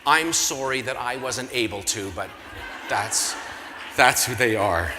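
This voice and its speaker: A man's voice: medium pitch, unhurried. A man with a Canadian accent emceeing a gala, telling a comic, self-mocking story to the audience. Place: large convention hall. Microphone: handheld stage mic through PA. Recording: reverberant hall with faint room noise.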